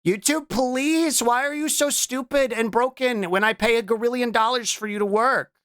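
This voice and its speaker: A young adult VTuber streamer chatting casually on a live reaction stream. They break into playful shouts and keep tossing out a questioning "what?". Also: mid-range voice, moderate pace, clear, resonant tone, no echo, clean studio sound. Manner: keeps repeating a questioning "what?" between remarks; stumbles and restarts mid-sentence.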